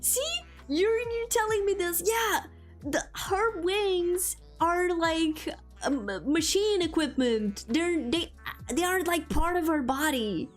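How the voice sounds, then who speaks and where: A woman's voice: very high voice, slow, soft background music. A woman streamer chatting casually with her viewers. She laughs often and leans heavily on "like". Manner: giggly, chatty, heavy use of "like". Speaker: VTuber streamer.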